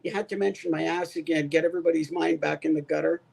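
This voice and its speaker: Male co-host, higher gravelly voice, quick joking asides, heavy crowd noise behind. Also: fairly even intonation. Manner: short joking interjections. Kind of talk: casual chat.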